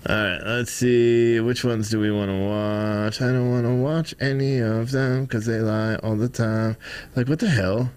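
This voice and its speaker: A man's voice: mid-range voice, fairly even intonation, measured pace, a little mellow, clean tone. A man from the United States hosting a live stream, giving loose, casual commentary and talking to his chat.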